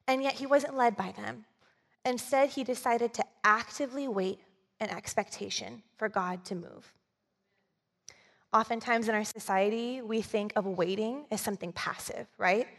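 Woman preacher, conversational sermon delivery, slightly high voice, church reverb. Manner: conversational, asks the audience for agreement. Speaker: communications director, preacher.

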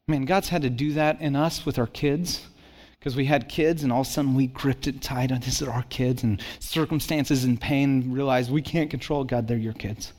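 A middle-aged man preaching a sermon, telling a personal story with animated swings between excitement and hushed intensity. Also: mid-range voice, normal speed. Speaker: pastor.

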